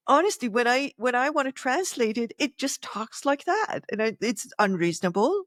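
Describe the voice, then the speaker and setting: A woman co-hosting a podcast, speaking in a reflective, animated conversational way and often acting out inner voices. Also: on the high side, moderate pace, no room sound, clean studio sound. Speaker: podcast co-host.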